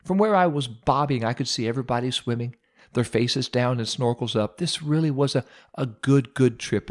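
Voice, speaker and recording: A man hosting a radio devotional, telling a humorous, self-mocking story with dramatic pauses. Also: medium pitch.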